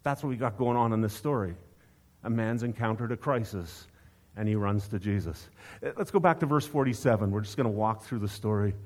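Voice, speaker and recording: A man's voice: fairly low pitch, brisk, darkish tone. A man preaching a sermon in a conversational way, posing rhetorical questions to his listeners. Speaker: pastor.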